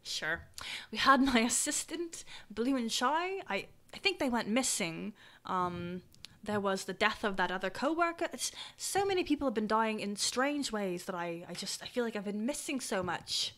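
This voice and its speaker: Brief: woman game master, rambling and halting, slightly high voice, video-call audio. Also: animated, fairly bright tone. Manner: rambling, full of likes and ums. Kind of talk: playing a grieving townswoman in a tabletop game.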